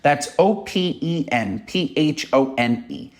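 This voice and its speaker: A man co-hosting a podcast, reading a sponsor spot in a brisk, upbeat way. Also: a little high, expressive. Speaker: podcast co-host. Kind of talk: ad read.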